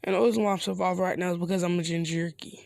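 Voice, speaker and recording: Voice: medium pitch, very fast, vocal fry, dry recording, natural voice. A narrator voicing a hardened, vengeful orphan boy ninja in a casual, slangy storytelling voice. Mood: cold. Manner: casual, flat slangy delivery.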